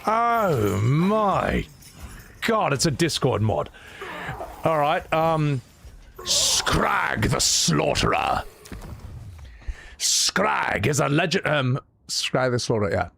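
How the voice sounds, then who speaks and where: A man chatting casually on a live stream, excitable and swearing, laughing often and reading viewers' messages aloud. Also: on the high side, takes it slowly, vocal fry, pauses often, a little hiss or hum.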